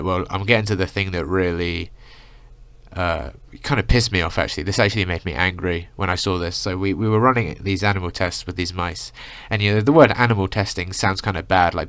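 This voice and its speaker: A young adult male vlogger rants through a casual storytime, rambling with lots of "like" and "you know." His voice sits low with vocal fry and a slightly bright quality, recorded with no echo.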